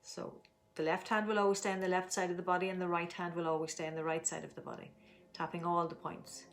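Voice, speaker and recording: A middle-aged woman leading a guided tapping session, giving slow, soothing instructions and stretching out repeated affirmations. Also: on the low side, flat delivery. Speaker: tapping and breathing teacher.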